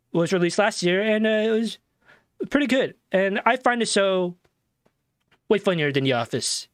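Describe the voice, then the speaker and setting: A young man co-hosting a casual online news show, his voice pitched noticeably high. He reads headlines and then drifts into easygoing asides. The sound is close and dry. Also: clean tone, dry recording. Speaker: co-host.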